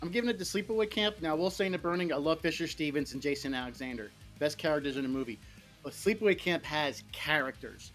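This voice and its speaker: Animated lower-voiced woman. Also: quick pace, faint music behind. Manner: animated, acting out quotes. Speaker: panel guest. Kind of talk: casual panel chat.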